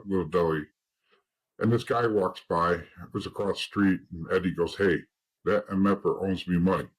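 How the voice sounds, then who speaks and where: Husky low-voiced man telling stories. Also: low-quality recording. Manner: rambling, laughs at grim details, restarts often. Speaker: interview guest, former mob associate turned informant. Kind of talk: casual storytelling in an interview.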